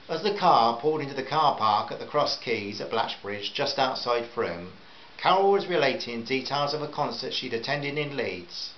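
A man reading a novel aloud at a measured pace with small stumbles, in a roomy, slightly dull recording with faint hiss. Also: medium pitch, expressive. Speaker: audiobook narrator.

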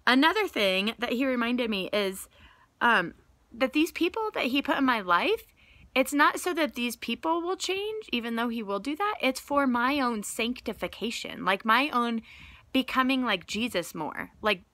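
A young woman talks earnestly about faith in a casual, conversational way, leaning on little fillers as she goes. Her voice is bright and forward, and the recording is dry and close. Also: on the high side, lively intonation, normal speed, dry recording. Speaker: Bible teacher and vlogger. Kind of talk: casual devotional talk.

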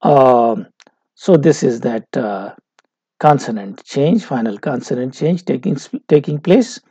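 A male university lecturer with a Pakistani English accent, explaining linguistics slowly with many pauses and fillers. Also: medium pitch, animated, dark tone, breathy edge, dry recording, lo-fi sound. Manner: slow, halting, many fillers.

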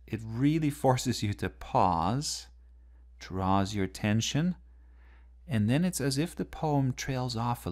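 A man's voice: medium pitch, animated, a little slow. A man teaching literature, explaining a poem line by line and asking the listener rhetorical questions.

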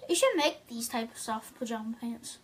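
High-voiced woman asking questions. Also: lively intonation. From Staten Island, New York. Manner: curious, asks lots of quick questions.

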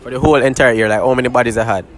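A man's voice: medium pitch, fairly even intonation, rapid-fire, a crowd in the background. A man hosting a street interview outdoors in a city, teasing people with slang and jokes. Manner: joking, teasing, heavy slang.

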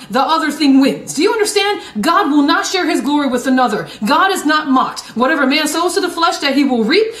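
High-voiced woman evangelist preaching. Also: roomy sound. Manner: fervent, repeats phrases, stumbles and restarts, voice rises to shouts. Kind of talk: preaching sermon broadcast.

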